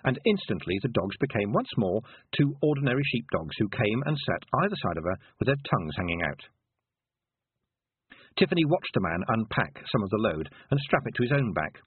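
Husky man narrating over a tinny line. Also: on the low side, no room sound. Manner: expressive, varied delivery. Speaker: audiobook narrator. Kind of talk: storybook narration. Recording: tinny phone-like sound, dry.

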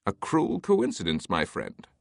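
A man's voice: lowish voice, huge pitch swings, measured pace, gravelly, dry recording, clean studio sound, full character voice. A man voicing a jovial, scheming older aristocrat, with a grandly amused manner. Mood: wry.

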